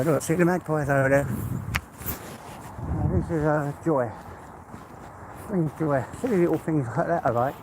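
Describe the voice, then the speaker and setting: A man's voice: on the high side, vocal fry, background noise. English man chatting on a walk. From England. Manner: rambling, heartfelt, chatty. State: out of breath. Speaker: vlogger. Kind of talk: casual walk-and-talk monologue. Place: outdoors on a walk.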